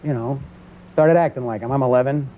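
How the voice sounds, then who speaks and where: A man in his thirties with a New York accent, a comedian guest on a talk show telling stories and jumping into loud character voices. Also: medium pitch, fairly quick. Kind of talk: talk show stand-up storytelling. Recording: tinny phone-like old VHS audio with faint hiss.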